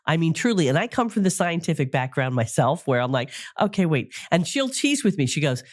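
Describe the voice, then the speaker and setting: A woman's voice: low voice, sing-song, fairly quick, no echo. Woman podcast host rambling along, lots of restarts, dry close sound. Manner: warm, rambling, full of restarts and fillers. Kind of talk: casual interview.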